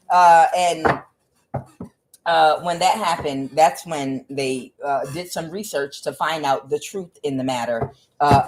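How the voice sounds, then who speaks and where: Her voice on the low side, a woman does a casual tarot reading in a chatty, foul-mouthed style full of fillers, addressing the listener as honey and child.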